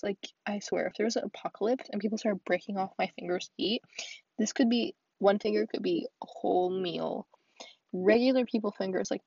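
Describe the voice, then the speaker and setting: A woman's voice: mid-range voice, creaky, darkish tone, husky, no echo, dull audio. A young woman venting in a solo vlog, rambling with lots of fillers and often dropping to a whisper. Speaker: vlogger. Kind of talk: solo confessional vent.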